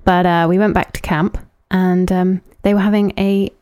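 A woman's voice: lowish voice, little pitch movement, normal speed, a little mellow, clear, resonant tone. A woman co-hosting a casual chat podcast, recapping events and reading out lists of names. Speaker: podcast co-host.

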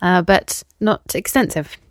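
A woman's voice: on the low side, unhurried, dry recording. A woman co-hosting a live show, chatting casually with a wry, teasing manner. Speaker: podcast co-host. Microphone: close studio mic.

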